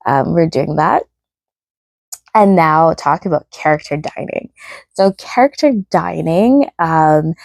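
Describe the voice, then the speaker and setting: Female vlogger, rambling chatty delivery, dry close sound, slightly low voice. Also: vocal fry, darkish tone, no room sound. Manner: rambling, chatty, self-deprecating. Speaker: travel vlogger. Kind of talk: casual vlog chat.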